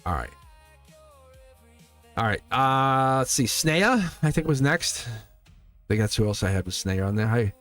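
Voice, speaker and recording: Guy doing a live tarot stream, rambly and encouraging, keeps asking "right?", soft music in the back. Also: medium pitch, animated, moderate pace. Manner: loose, rambling, encouraging, often checking in with "right?". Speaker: tarot reader and channel host.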